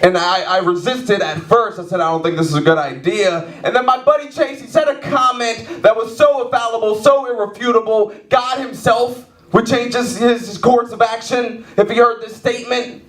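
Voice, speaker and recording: A man in his twenties doing stand-up storytelling in a comedy club, animated and self-mocking, mimicking sound effects. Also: very high voice, normal speed, hardly any pauses. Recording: echoey club heard from far off. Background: audience laughing.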